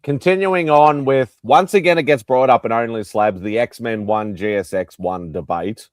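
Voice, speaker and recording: A man's voice: mid-range voice, moderate pace, dry recording. A man hosting a casual livestream chat, joking and rambling as he talks. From Australia. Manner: joking, rambling, laughs often. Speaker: host.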